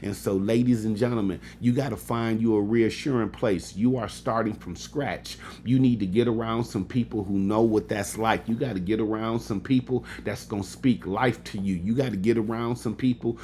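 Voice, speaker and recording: Motivational host, man in his fifties, low voice, preacher cadence with "amen" asides, faint room noise. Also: steady tone, normal speed, few pauses, darkish tone. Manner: peppers talk with "amen", addresses audience directly.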